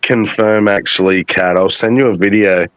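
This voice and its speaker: Mid-pitched man with crowd noise behind. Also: fairly even intonation, normal speed, low-quality recording. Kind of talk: casual group chat.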